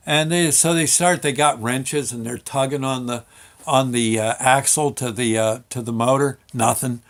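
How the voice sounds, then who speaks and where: A man's voice: medium pitch, fairly even intonation, normal speed. A man telling a story from his working life in a casual, rambling way, full of fillers and restarts. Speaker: show host.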